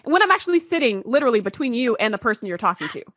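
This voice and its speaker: A woman's voice: on the high side, very fast, no room sound, clean studio sound. A young woman co-hosting a casual chat, talkative and full of "like" asides. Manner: chatty, frequent "like" fillers, lively asides. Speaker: podcast co-host.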